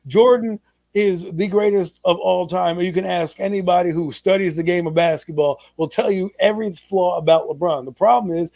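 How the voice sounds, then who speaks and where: A man's voice: high voice, creaky, darkish tone, dry recording. A middle-aged man co-hosting a casual sports debate, talking emphatically and repeating his points like a lecture. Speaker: podcast co-host.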